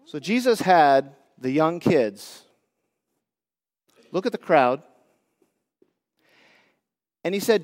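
A man preaching a sermon, moving between hushed prayer and playful, teasing storytelling with his congregation. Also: on the high side, very animated, slow pace, pauses often, long reverb tail. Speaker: pastor. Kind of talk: sermon with live demonstration.

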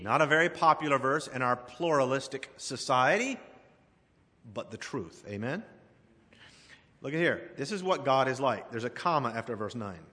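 A man's voice: medium pitch, lively intonation, moderate pace, pushed and bright. A man preaching a sermon, reading scripture aloud and addressing the congregation directly with emphasis. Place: church sanctuary. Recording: long reverb of a church hall.

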